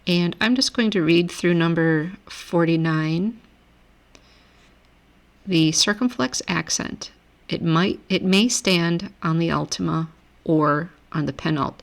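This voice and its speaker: Low-voiced woman teaching Greek grammar. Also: vocal fry. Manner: relaxed, self-correcting explanations. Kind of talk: recorded lecture over screen.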